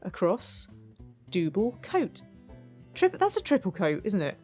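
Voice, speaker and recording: A woman's voice: medium pitch, very animated, measured pace, a little mellow, faint music behind. A woman hosting a cooking game playthrough, chatting to herself and poking fun at her own mistakes. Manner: chatty, self-mocking, talks to herself. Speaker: let's play host. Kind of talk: gameplay commentary.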